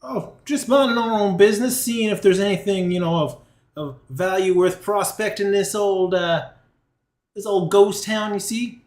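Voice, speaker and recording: A man's voice: high-pitched, moderate pace, darkish tone, lightly acted. A man voicing a scheming, overly polite male prospector who talks in flowery old-timey phrases. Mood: coaxing. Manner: flowery old-timey speech, hesitant restarts. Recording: roomy echo.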